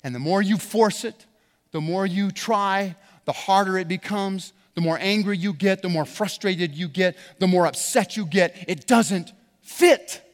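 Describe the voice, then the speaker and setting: High-voiced pastor preaching in a hall. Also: male voice, unhurried. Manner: animated storyteller, preaching with rising emphasis. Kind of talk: sermon with a personal story. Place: church sanctuary.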